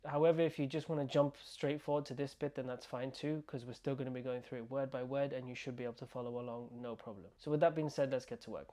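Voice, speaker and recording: A man teaching an online language lesson, slowly repeating words and sounds for the learner to copy. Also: mid-range voice, steady tone, warm tone. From United Kingdom. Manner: slow, repeating words and sounds to drill pronunciation. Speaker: Arabic teacher.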